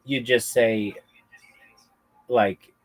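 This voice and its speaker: A man's voice: mid-range voice, steady tone, drawn-out words, faint music behind. A man hosting a livestream, chatting casually about stand-up comedy, rambling with many fillers and acting out crude comebacks. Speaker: livestream host.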